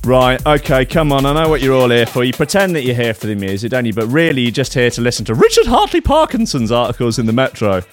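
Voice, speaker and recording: A man's voice: mid-range voice, big pitch swings, fast talker, few pauses, soft background music. A man hosting a radio show, chatting casually between tracks with sardonic, sweary, rambling asides.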